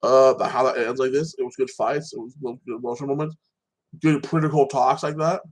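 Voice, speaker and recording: Here the man's voice is mid-range, his intonation fairly even and his pace quick, on a rough recording. As host of a casual podcast, he recaps TV episodes in a rambling style, restarting frequently and appending "like that."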